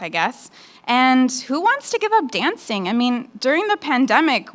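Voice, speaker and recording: A woman's voice: fairly high pitch, a bit bright. A woman performing a stand-up comedy set on a nightclub stage into a handheld mic, with a brash, frank, conversational delivery.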